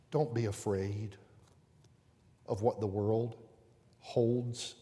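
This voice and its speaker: A man preaching a sermon as pastor, swinging between fervent, raised passages and quiet, hushed appeals to the congregation. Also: lowish voice. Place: church sanctuary with pews. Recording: long reverb of a church hall.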